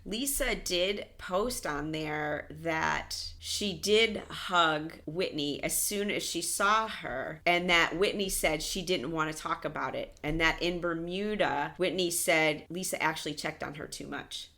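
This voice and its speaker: A woman hosts a casual recap in a chatty way, retelling what happened in the episode. Her voice sits lowish with a bright, forceful edge. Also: unhurried, few pauses. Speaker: podcast co-host.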